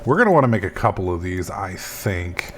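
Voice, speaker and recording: This gaming video host is a man with a low, sing-song voice, a bit bright and a little fast. He casually comments on his gameplay, rambling, swearing and mocking himself as he goes. A little hiss or hum sits under the recording.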